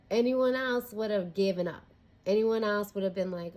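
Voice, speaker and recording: A woman's voice: medium pitch, normal speed, vocal fry, a little mellow. A young woman giving a casual, chatty tarot reading, candid and swearing freely. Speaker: tarot reader.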